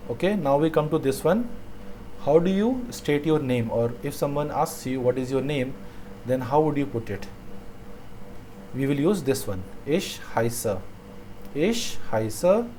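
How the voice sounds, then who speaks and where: A man teaching a language lesson, saying each phrase slowly twice and then explaining it. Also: medium pitch, lively intonation, warm tone, a little hiss or hum.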